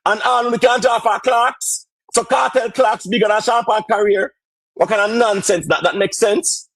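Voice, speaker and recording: A man's voice: sits high, steady tone, moderate pace, creaky, no room sound. A man with a Jamaican accent firing back mocking rebuttals in a live stream debate, often raising his voice. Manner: forceful, mocking, shouting rebuttals. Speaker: debate caller.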